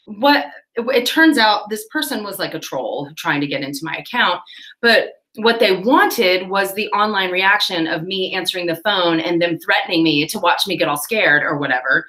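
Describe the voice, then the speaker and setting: A woman chatting casually on her livestream, telling a rambling story with quick laughs while she cleans her tack. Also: lowish voice, lively intonation, sharp tone. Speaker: livestream host.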